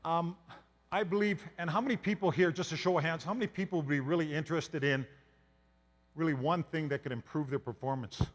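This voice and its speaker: A man from Canada gives a motivational talk to an audience in a folksy, storytelling way. His voice sits a little high for a man. Long reverb from the large hall trails after his words. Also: fairly even intonation, brisk. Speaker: motivational speaker.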